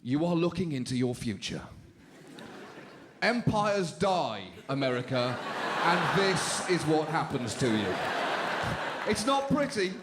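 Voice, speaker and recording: A British man hosting a stand-up show, delivering jokes with dry deadpan timing on a club stage. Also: a little high, normal speed. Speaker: comedy show host. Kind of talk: stand-up comedy. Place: comedy club stage with live audience. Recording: laughing crowd and room noise.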